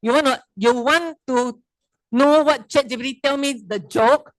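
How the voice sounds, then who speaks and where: A middle-aged Malaysian woman talks to a seminar crowd in a chatty, teasing way, firing questions at them. Her voice sits a little high, and the sound is dry and close. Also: a little slow, dry recording, poor audio. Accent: Malaysian English. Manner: chatty, teasing, quizzes the audience. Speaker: wellness presenter. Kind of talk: casual seminar talk.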